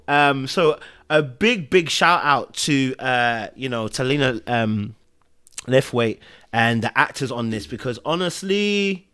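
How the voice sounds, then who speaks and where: A man hosting a podcast, giving emotional, animated commentary on a TV episode, sighing and swinging between loud bursts and quiet murmurs. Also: fairly high pitch, moderate pace, clean tone. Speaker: podcast host reviewing a TV episode.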